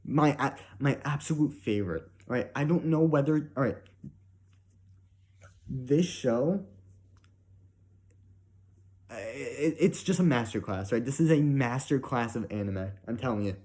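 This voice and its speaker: A man's voice: mid-range voice, expressive, a little slow, long pauses, a little mellow. A young man giving a casual, emotional spoken review, rambling with many "like" and "right?" fillers and frequent swearing.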